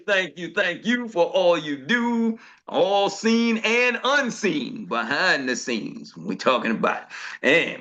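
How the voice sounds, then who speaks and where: A man's voice: fairly high pitch, bright, forceful tone, highs cut off. A man hosting a motivational morning call, speaking in a rhythmic, preacher-like cadence full of repeated thanks.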